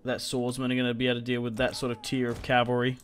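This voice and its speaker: A man's voice: mid-range voice, completely flat delivery, quick pace, slight background noise. Man muttering battle orders. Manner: chatty, muttering orders to his troops. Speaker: gaming video creator. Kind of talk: casual gameplay commentary.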